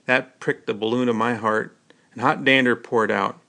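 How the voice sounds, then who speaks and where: Gravelly male narrator with folksy wryness. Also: medium pitch, steady tone, normal speed, pushed and bright. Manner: folksy, wry storytelling. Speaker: audiobook narrator. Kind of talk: first-person novel narration.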